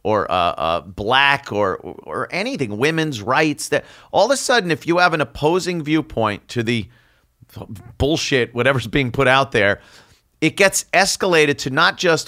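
A man's voice: medium pitch, sing-song, unhurried, bright, forceful tone. A man guesting on a casual, opinionated chat, talking emphatically with stammering restarts. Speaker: guest, radio host.

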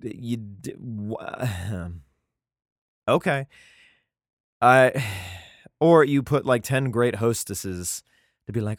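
A man's voice: on the low side, a little slow, dry recording, studio quality. A man reading old scripture aloud at home, breaking off into irreverent, heavily profane joking commentary.

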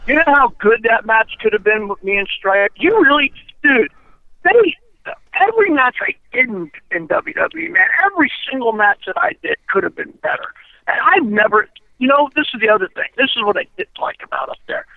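A man's voice: high voice, sing-song, a little fast, vocal fry, no echo. A man giving an interview, telling his story bluntly and animatedly, with plenty of swearing and "you know". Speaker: interview guest. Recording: tinny phone line, dry.

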